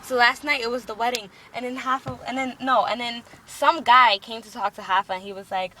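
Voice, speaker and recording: A woman's voice: a little high, steady tone, brisk, sharp tone, slight background noise, low-quality recording. A woman chatting casually, retelling a story in a rambling, breathless way full of fillers. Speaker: storyteller recapping a show. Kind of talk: casual chat.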